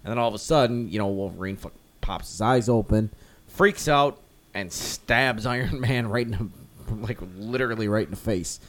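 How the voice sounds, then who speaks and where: Co-hosting a podcast about comic books, this man talks at a normal speed in a fairly bright voice that sits on the low side. His speech wanders, packed with fillers such as "like" and frequent restarts, and he does loose impressions of characters.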